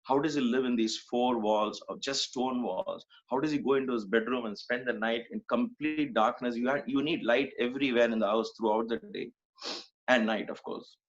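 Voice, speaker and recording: A man's voice: mid-range voice, moderate pace. A middle-aged man from Mumbai, giving an earnest devotional talk full of repetition and rhetorical questions. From Mumbai, India. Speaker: spiritual speaker. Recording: dull lo-fi recording.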